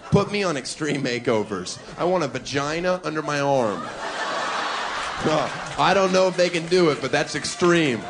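A man's voice: fairly high pitch, lively intonation, normal speed. A male stand-up comedian doing a brash, provocative routine with wry asides on a club stage, into a handheld mic. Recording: live club audience with noisy room.

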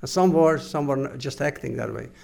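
An older man giving oral history testimony to an interviewer, halting and earnest, with many pauses and restarts. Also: medium pitch, gravelly, a little mellow. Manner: measured, earnest recounting.

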